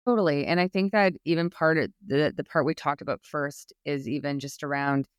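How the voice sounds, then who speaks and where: A woman's voice: low-pitched, fairly even intonation, fairly quick, clear, resonant tone, no room sound, clean studio sound. A woman guest expert on a podcast, talking about public speaking anxiety in an earnest, encouraging way, often restarting her sentences. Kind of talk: podcast interview.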